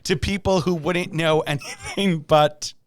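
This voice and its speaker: A man co-hosting a podcast in casual chat, talking in an animated, emphatic way and laughing easily. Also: on the high side, a little slow. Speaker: podcast co-host.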